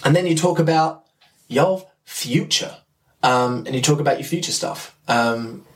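An enthusiastic young man rambles through a casual podcast monologue, swearing freely and restarting his sentences. His voice sits a little high for a man and comes from slightly off the mic. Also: measured pace, recorded from a distance. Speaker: podcast host.

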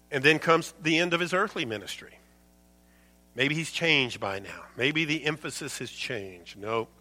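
A man's voice: high-pitched, bright, forceful tone. A man preaching a sermon to his congregation, quoting scripture and building his points with shifting intensity. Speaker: pastor.

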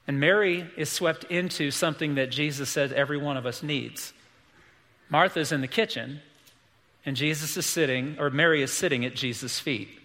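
A man delivers an earnest, emphatic sermon, circling back to repeat his main points. His voice sits slightly high and sounds very bright. It rings in a church sanctuary with long reverb. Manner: earnest, emphatic preaching with repetition. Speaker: pastor.

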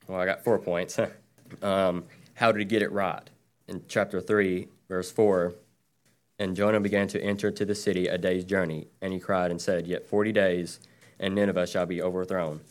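A man's voice: low-pitched, level tone, normal speed. A man giving a short Bible message, reading scripture in a plain, hesitant way. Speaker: lay preacher.

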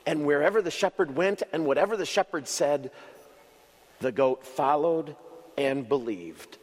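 A man preaching a children's sermon as an expressive storyteller who uses dramatic pauses. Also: a little high, in a large hall. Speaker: pastor.

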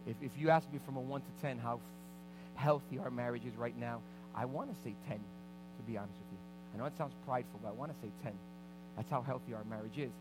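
A man preaching, a pastor telling a personal story in an animated way and acting out the scenes. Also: medium pitch, fast, background noise. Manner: animated, reenacts scenes loudly. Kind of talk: storytelling sermon. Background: background music.

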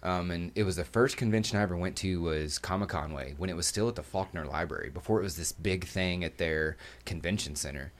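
Low-voiced man telling crude, joking stories. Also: brisk, few pauses. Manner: crude, joking, animated storyteller. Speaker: cosplayer guest. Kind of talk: casual storytelling chat.

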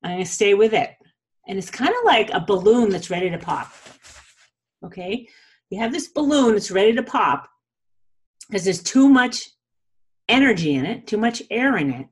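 A woman with a husky, slightly breathy voice explains a self-help practice in a relaxed, conversational teaching style. She sprinkles in "like" and "okay?" as she goes, encouraging the listener and openly sharing her own pitfalls. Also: medium pitch, moderate pace, long pauses. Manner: chatty, frequent "like" and "okay?" check-ins; encouraging, candid about own struggles. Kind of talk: casual spoken teaching.

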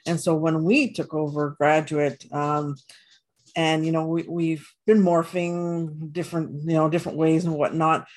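A woman's voice: low-pitched, level tone, a little slow, darkish tone. A woman guest on a podcast who answers at length with many fillers and restarts. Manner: rambling, frequent fillers and restarts. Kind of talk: casual interview chat.

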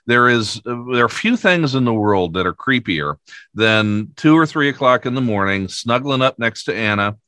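A man's voice: mid-range voice, lively intonation, normal speed, bright, forceful tone, dry recording, studio quality. A man hosting a casual interview, joking easily with his guest. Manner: joking, easygoing. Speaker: podcast host.

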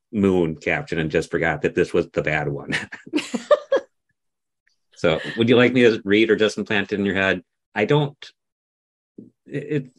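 Very low-voiced hesitant podcast co-host. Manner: hesitant, self-correcting. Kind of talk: casual chat.

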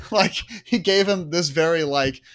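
Lively, chatty man co-hosting a podcast. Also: a little high, normal speed. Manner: animated, lots of fillers and asides. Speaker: podcast co-host. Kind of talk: casual chat.

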